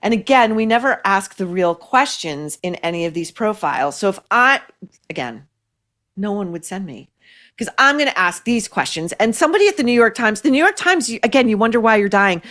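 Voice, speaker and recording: A woman hosting a podcast, delivering scornful, sarcastic opinion commentary with lively emphasis. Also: mid-range voice, a little fast. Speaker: podcast host.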